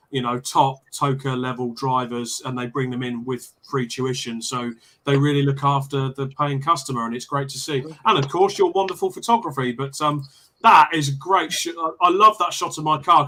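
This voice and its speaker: Bright, upbeat host. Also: male voice, mid-range voice. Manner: friendly, upbeat interviewer. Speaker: podcast host. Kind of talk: casual podcast chat.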